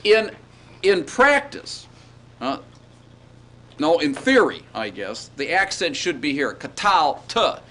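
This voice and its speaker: A man's voice: on the high side, huge pitch swings, takes it slowly, pauses often, sharp tone, a little hiss or hum. Man lecturing, checking in with "all right?". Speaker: Hebrew grammar lecturer. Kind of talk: classroom lecture. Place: classroom.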